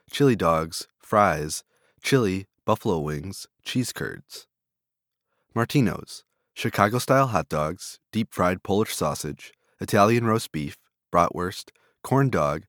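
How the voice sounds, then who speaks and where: A man with a very low voice reads a long list of vendors and dishes, item after item. His delivery is steady and flat. The sound is dry and close, with no room echo. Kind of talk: reading a list of food vendors.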